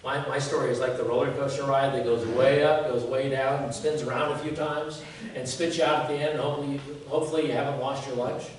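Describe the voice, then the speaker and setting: A man's voice: medium pitch, little pitch movement, fast talker. A man in his fifties, a pastor giving a conversational sermon, folksy and joking, often asking the congregation rhetorical questions. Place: church sanctuary. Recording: very echoey church from a distance, faint noise.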